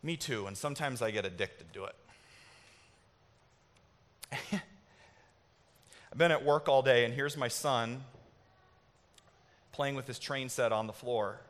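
Unhurried man preaching in a reverberant hall. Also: medium pitch. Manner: conversational, building to impassioned exhortation. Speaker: pastor. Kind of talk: sermon. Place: church sanctuary. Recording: reverberant hall with soft music.

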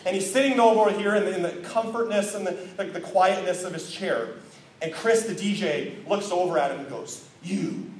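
A man preaching a sermon as pastor, telling a lively story and then closing in a quieter, earnest tone. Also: sits high. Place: church sanctuary. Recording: roomy distant church recording.

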